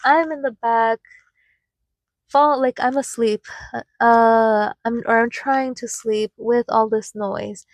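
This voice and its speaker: Young adult woman vlogger, unhurried and meandering, a touch high-pitched, casual personal storytelling. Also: fairly even intonation, no room sound. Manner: rambling, many filler words and restarts.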